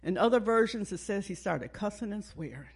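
Guy preaching, real high voice, hammers the same lines over and over. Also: animated, a little fast, breathy edge. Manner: emphatic, repetitive preaching cadence. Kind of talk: sermon.

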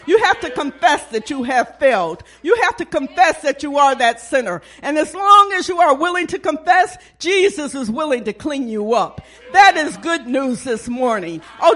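A man's voice: very high voice, fairly bright tone. A man preaching a sermon, in an emphatic, repetitive preaching cadence.

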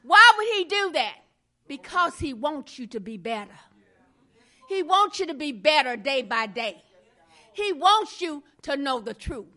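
High, bright-voiced woman preaching. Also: big pitch swings, a little slow. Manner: impassioned, repetitive preaching with rising emphasis. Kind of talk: sermon.

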